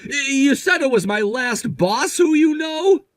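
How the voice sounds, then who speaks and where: Frantic, cornered husband in a storybook drama, a man reading; slow, drawn-out lines, dry close sound. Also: very high voice, expressive, no echo. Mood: panicked. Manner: stammering, frantic outbursts. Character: panicking cheating husband, desperate and defensive.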